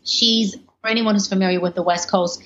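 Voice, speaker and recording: A woman guest telling a personal story in an interview, animated and lively, often slipping into the voices of other people. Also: medium pitch, fairly quick. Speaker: life coach guest. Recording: slightly muffled with faint background noise.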